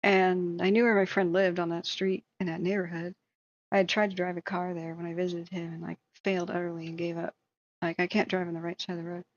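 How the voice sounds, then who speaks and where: A woman's voice: on the low side, little pitch movement, a little fast. Rambling woman streamer, muffled audio. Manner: rambling, self-deprecating, many fillers. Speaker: live stream host. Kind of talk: casual storytelling.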